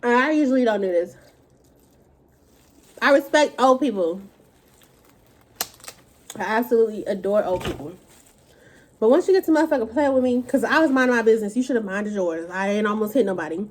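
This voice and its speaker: A young woman rants straight to camera with a fairly high voice. She tells her stories dramatically and swears freely, in a casual indoor home recording. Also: a little fast, pauses often, a little hiss or hum. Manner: animated, profane, dramatic retellings. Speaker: vlogger. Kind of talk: casual storytime rant.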